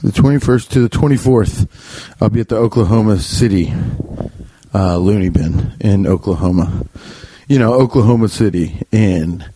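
Rambling, joking man with a warm, mellow voice. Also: fairly low pitch, normal speed, slight background noise. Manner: loose, joking, self-interrupting. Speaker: podcast host and comedian. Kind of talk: casual rambling podcast monologue. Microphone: podcast microphone.

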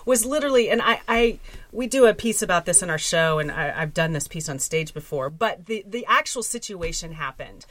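A woman in her thirties telling a profane, animated story about motherhood in a casual group chat. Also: fairly low pitch, a little fast, no echo. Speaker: performer and guest.

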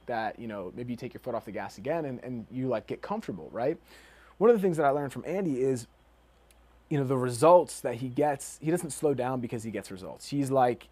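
Energetic young man giving motivational talk. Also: medium pitch, breathy edge. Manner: energetic, fast bursts, lots of fillers. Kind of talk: casual motivational monologue.

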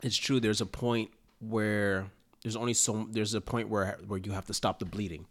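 A young man with a slightly low voice chats casually, animated and full of laughter. He tells his story by acting out the lines of the people in it. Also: moderate pace. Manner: animated storyteller, laughs often, acts out quotes. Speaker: former player, interviewer. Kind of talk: casual conversation.

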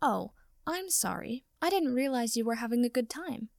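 A woman reading the lines of a bright, teasing young witch in an audiobook story, with a dry, mocking manner. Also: fairly high pitch, animated, moderate pace, gravelly, no echo.

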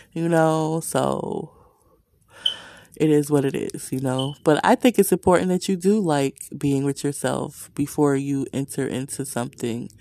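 Woman vlogger, gravelly low-set voice, dry close sound; blunt, swears freely, laughs a lot. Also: mellow, dry recording. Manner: blunt, profane, laughs often; frequent "you know" fillers. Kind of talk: candid personal monologue.

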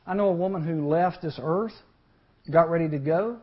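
A man preaching to a teen group, telling a Bible story and acting out its voices with lively energy. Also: a little high, normal speed. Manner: animated, acts out voices in the story. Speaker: youth speaker. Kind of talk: storytelling sermon. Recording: lo-fi recording.

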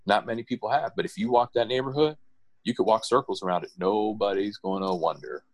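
A middle-aged man from the United States telling personal stories in casual conversation, animated and often repeating or restarting words. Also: a little fast, dry recording. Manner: animated, acts out quoted voices with jumps in pitch.

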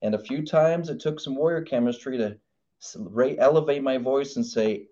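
An animated man from Idaho gives a motivational podcast talk, acting out voices, on a dull lo-fi recording. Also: medium pitch, normal speed. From Idaho, United States. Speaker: podcast host.

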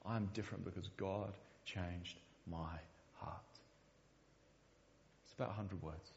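A man's voice: low voice, steady tone, unhurried, big-room sound, lo-fi sound, a little hiss or hum. A man preaching a sermon in a church, speaking earnestly and often repeating the first word of a sentence. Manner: earnest, repeats words when starting sentences. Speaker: pastor.

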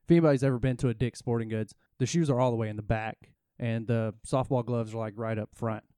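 Male co-host, casual rambling storyteller, warm smooth voice, dry close sound. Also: medium pitch, fairly even intonation, quick pace, no room sound. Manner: rambling, self-interrupting storyteller. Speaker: podcast co-host.

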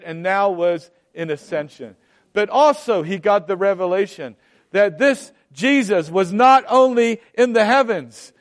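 A man preaching a sermon, emphatic and deliberate, often repeating phrases for weight. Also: high-pitched.

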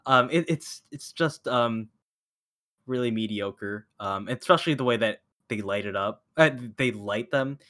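A man's voice: mid-range voice, unhurried, fairly bright tone. A man co-hosting a casual podcast over a call, bluntly critical and laughing often as he talks. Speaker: podcast co-host. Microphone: remote call mic.

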